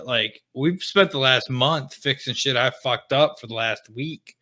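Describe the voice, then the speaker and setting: A man's voice: medium pitch, unhurried, pushed and bright. A young man co-hosting a podcast, talking bluntly with profane wisecracks. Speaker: podcast co-host. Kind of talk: casual chat.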